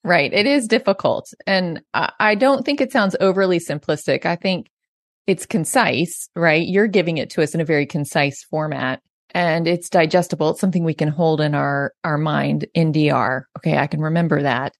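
Woman host, lowish voice, dry sound, affirming and thoughtful. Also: moderate pace, dry recording. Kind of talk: conversational interview.

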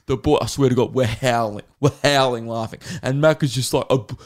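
An Australian man hosting a podcast, chatting casually and telling rambling stories with laughs and quick mimicry. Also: mid-range voice, steady tone. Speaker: podcast host and comedian. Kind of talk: casual chat.

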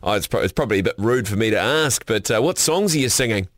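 A man's voice: on the low side, animated, fast talker, no echo, studio quality. A man hosting a radio show in playful, casual chat. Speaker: radio host.

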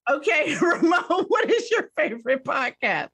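A woman hosting a business podcast in casual interview chat, upbeat and quick to laugh. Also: sits high, sing-song, fairly bright tone. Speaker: podcast host.

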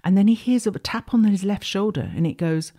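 A woman's voice: mid-range voice, fairly quick, mellow. A woman hosting an astrology talk show, musing in a rambling, reflective way with many restarts. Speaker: astrology podcast host. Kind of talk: casual spiritual monologue.

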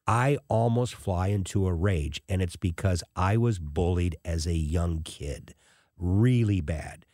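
Animated low-voiced male radio host. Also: dry recording, clean studio sound. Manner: animated, emphatic storyteller. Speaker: radio talk show host. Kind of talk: casual radio storytelling.

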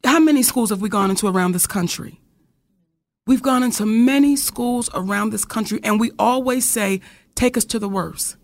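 A woman's voice: on the high side, normal speed. A woman co-hosting a podcast who speaks with passion, driving her points home with rhetorical questions the way a preacher does. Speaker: podcast co-host. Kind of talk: casual discussion.

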